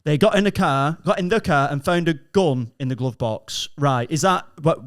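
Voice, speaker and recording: Podcast cohost guy, higher voice, keeps asking questions to steer the story. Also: moderate pace. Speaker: podcast co-host. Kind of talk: casual chat.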